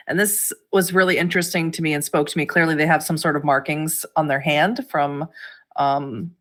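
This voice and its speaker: A woman co-hosting a gaming news show, presenting fan submissions in casual chat, easygoing and amused, with soft laughs. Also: deep voice, moderate pace.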